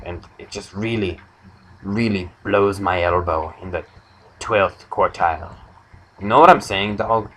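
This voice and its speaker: A young man hosting an improvised comedy chat, rambling through absurd deadpan jokes. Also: lowish voice, moderate pace, low-quality recording. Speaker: comedy podcast host.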